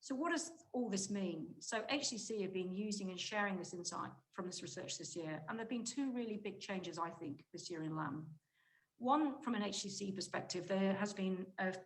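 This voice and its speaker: A woman giving a conference presentation on shopper research, talking briskly and emphatically with frequent restarts mid-phrase. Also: medium pitch, rough recording. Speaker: conference speaker, market insight director.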